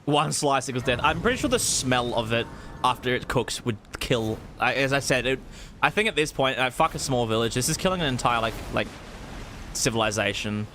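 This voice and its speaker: A man's voice: medium pitch, expressive, fairly quick, fairly bright tone, slight background noise. A man bantering crudely with friends while playing a game, full of restarts and swearing. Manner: crude, joking, trailing restarts. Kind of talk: casual gaming banter.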